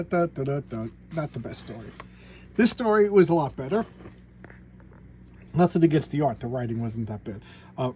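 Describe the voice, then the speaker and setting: Brief: male comic collector, raised pitch, mellow tone, offhand rambling delivery with stumbling restarts. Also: a little hiss or hum. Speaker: comic book collector reviewing back issues. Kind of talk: casual spoken comic review.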